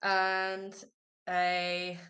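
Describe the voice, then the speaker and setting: Slow, wry woman recapping a game. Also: medium pitch, monotone, pushed and bright. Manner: sarcastic, wry. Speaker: player.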